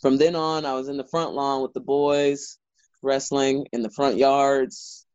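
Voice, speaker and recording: A man's voice: mid-range voice, a little slow, smooth, dry recording, dull audio. A man, a wrestler guest, telling stories in a casual interview with lots of filler words. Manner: animated storyteller, lots of "like" fillers.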